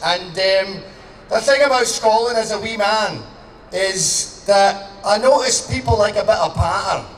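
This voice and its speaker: A man from Canada giving a crude, joking outdoor rally speech, shouting to a crowd. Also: sits high. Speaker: public speaker. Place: outdoor public gathering. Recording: echoey and distant, faint background noise.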